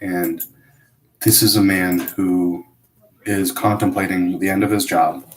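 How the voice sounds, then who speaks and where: A man with a notably deep voice talks through a confessional monologue, hesitant and self-critical. He stops and restarts often. The sound carries a roomy echo. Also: fairly even intonation, takes it slowly. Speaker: vlogger.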